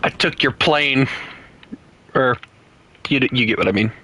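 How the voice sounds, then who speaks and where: Slow-talking, bright-voiced Southern gamer man. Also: mid-range voice, breathy edge. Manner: goofy, laughing, playful reactions. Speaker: game streamer. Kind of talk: casual gameplay commentary.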